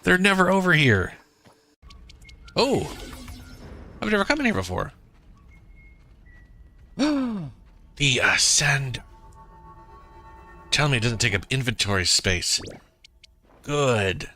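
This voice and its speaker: A man giving casual gameplay commentary, excitable and talking back at the game. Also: medium pitch, slow, pauses often, faint music behind. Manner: excitable, talks to the game, swears. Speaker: gaming streamer.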